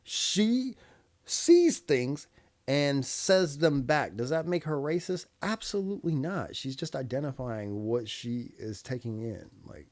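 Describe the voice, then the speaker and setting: A man's voice: mid-range voice, very animated, slow, a little mellow. A man in his thirties hosting a reaction video, talking bluntly and casually, swearing often and laughing between remarks. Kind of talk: casual commentary.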